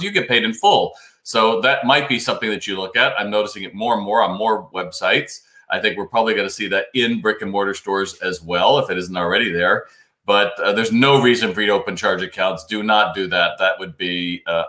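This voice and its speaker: Male host, low voice, bright and forceful, chatty live-stream advice, echoey room. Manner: chatty and advisory, reads out viewer comments. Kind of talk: casual live-stream talk, answering viewer questions. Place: home studio, New York.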